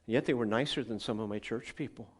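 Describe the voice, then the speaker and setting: A man's voice: medium pitch, fast talker, slightly rough. A male pastor, telling stories in a chatty sermon and asking his congregation questions. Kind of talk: conversational sermon storytelling. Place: church gathering.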